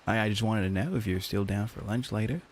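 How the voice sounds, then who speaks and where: Sleazy office guy with a put-on Australian accent, lazy drawl, lowish voice, done by a man. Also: fast, darkish tone, a little hiss or hum, close to an everyday voice. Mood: leering. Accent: mock Australian. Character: sleazy male office coworker, joking.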